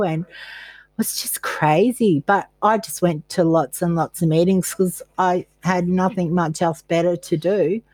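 A woman's voice: fairly low pitch, a little slow, darkish tone, no room sound. An older woman from Australia, a podcast guest telling her own story candidly and poking fun at herself as she acts out her past thoughts. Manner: candid, self-mocking, quotes her past self. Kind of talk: personal storytelling in a podcast interview.

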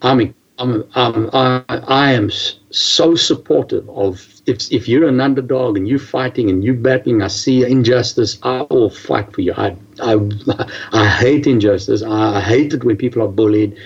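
A man telling a personal story in a casual, animated way, halting often and restarting his sentences. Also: mid-range voice, slightly rough, dull audio.

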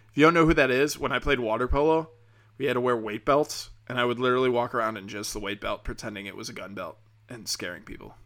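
A young man who has had a few drinks rambles through a crude, profane comic rant. His voice is bright and sharp, and his talk is full of fillers and restarts. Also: medium pitch, fast. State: tipsy from drinking. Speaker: comedian and podcast host.

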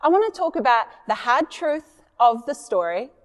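A woman's voice: a little high, big pitch swings, normal speed, long reverb tail. A woman preacher giving a sermon, reading scripture expressively and adding chatty asides.

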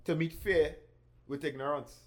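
A man's voice: on the high side, steady tone, normal speed. Earnest Caribbean-raised man reflecting. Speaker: podcast co-host. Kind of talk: casual chat.

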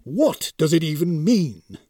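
A man's voice: on the high side, sing-song, moderate pace, darkish tone, no room sound, studio quality, far from the mic. A man voicing a put-upon male Grim Reaper spirit who complains in an indignant, plaintive way. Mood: flustered.

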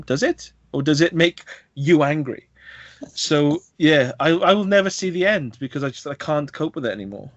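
A man co-hosting a podcast, chatting casually about games in a rambling, animated way full of fillers and restarts. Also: on the high side, brisk, no room sound, lo-fi sound. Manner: rambling, many fillers and self-corrections, animated. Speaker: podcast co-host.

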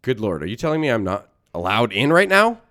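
A man's voice: mid-range voice, sing-song, brisk, fairly bright tone. A man improvising as a disgruntled moviegoer who is angry about his ticket in a comedy scene. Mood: indignant. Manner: blustering and indignant. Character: disgruntled male fan denied entry.

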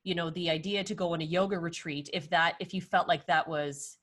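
A woman's voice: lowish voice, fairly even intonation, a little fast, fairly bright tone. A woman hosting a podcast, listening attentively and asking thoughtful questions. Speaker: podcast host. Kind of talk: interview conversation.

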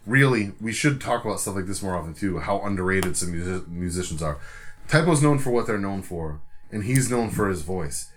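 A man's voice: sits low, fairly quick. A man co-hosting a podcast, telling a rambling story full of swearing and acting out the voices of the people in it. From Providence area, US. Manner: profane, animated storyteller acting out quotes. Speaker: podcast co-host. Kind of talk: casual storytelling chat.

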